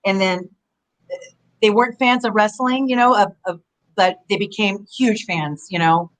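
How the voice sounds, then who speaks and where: Rambling, animated woman telling stories. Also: medium pitch, measured pace, low-quality recording. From Southern California. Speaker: interview guest, former wrestler. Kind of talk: casual interview chat.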